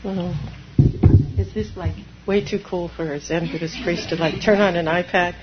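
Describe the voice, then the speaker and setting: A woman Zen priest giving a dharma talk, animated, laughing often and acting out inner voices. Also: lowish voice, normal speed, highs cut off, a little hiss or hum.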